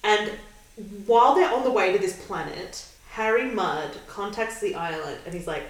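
A woman's voice: mid-range voice, moderate pace. A woman co-hosting a podcast, chatting casually about an episode, laughing often and acting out quotes. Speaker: podcast co-host. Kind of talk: casual chat recapping an episode. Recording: echoey room, distant mic.

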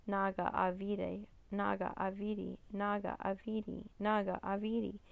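A woman reading the lines of entranced twin children in a storybook, in a flat trance-like chant. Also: mid-range voice, fast, clear, resonant tone, no room sound, narrow, tinny audio, natural voice.

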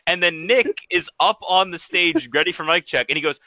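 A young man with an extremely bright, forward tone hosts a casual livestream chat. He tells stories animatedly, acting out other people's lines and laughing along as he goes. The sound is very dry and close, with no room around him. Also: on the high side, quick pace, few pauses, dry recording. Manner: animated storyteller, laughs often. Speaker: podcast host.

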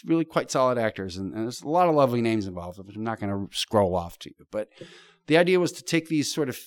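A man's voice: mid-range voice, big pitch swings, fast, no room sound. A middle-aged man, an improviser, telling a vivid, profane story in casual chat. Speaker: podcast guest.

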